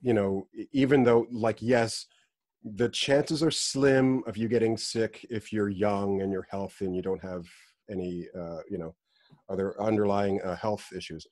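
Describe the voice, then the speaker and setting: A man co-hosting a podcast, talking in a laid-back, earnest, halting way. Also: fairly low pitch, fairly even intonation, a little mellow, no room sound, studio quality. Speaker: podcast co-host. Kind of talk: casual podcast banter.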